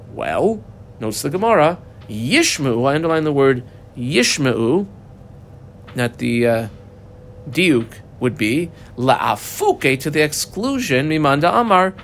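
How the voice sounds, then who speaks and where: A man's voice: fairly high pitch, fairly bright tone, slight background noise. A man teaching a daily Talmud class, reading Aramaic phrases and explaining them in English. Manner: explains Aramaic text line by line in English, fast with fillers.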